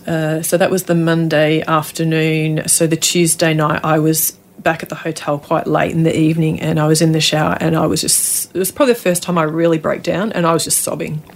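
A woman's voice: sits low, level tone, brisk, few pauses. Australian woman telling an emotional story. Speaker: guest author. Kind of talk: interview.

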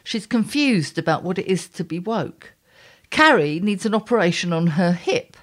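A woman's voice: on the low side, lively intonation, moderate pace. A middle-aged woman columnist reading her diary aloud and chatting, wry and blunt, with exasperated asides. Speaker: columnist and podcast host.

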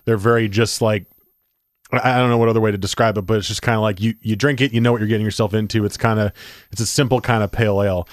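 A man co-hosting a podcast in relaxed, rambling, teasing chat. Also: fairly low pitch, fast talker, no echo, clean studio sound. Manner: laid-back, rambling, teasing. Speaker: podcast co-host. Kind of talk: casual chat.

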